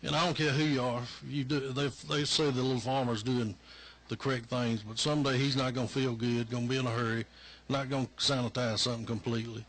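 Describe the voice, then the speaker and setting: A man's voice: medium pitch, little pitch movement, fast talker, fairly bright tone, poor audio. A man speaking at a legislative hearing in a matter-of-fact, emphatic way. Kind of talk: hearing testimony.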